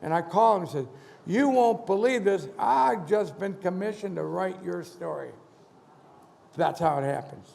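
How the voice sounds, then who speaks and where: A man's voice: high-pitched, moderate pace, creaky. A man in his seventies, a motivational speaker telling a story on stage and acting out the dialogue with animation. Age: 70s. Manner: animated, acts out dialogue in quotes. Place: conference hall stage. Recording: large hall reverb.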